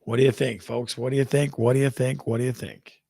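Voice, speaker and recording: A man's voice: medium pitch, level tone, brisk, creaky, dark tone, no room sound, studio quality. A man hosting a real estate livestream, chatting playfully, reading viewer comments and counting down contests. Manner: playful, reads out chat, counts down aloud. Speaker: real estate show host. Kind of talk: casual livestream chat.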